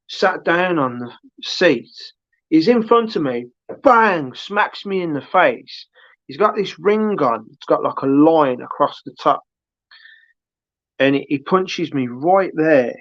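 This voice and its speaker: A man's voice: a little high, no echo. A man telling a long anecdote on a livestream, rambling, full of restarts and asides. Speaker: livestream host. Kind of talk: casual storytelling chat. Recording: dull lo-fi dry stream audio.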